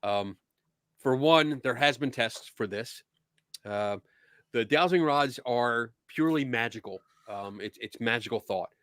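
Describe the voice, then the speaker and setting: A middle-aged man with a Philadelphia accent hosting a casual chat, easygoing, laughing often and filling pauses with ums. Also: mid-range voice, fairly bright tone, no room sound, studio quality. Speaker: podcast host.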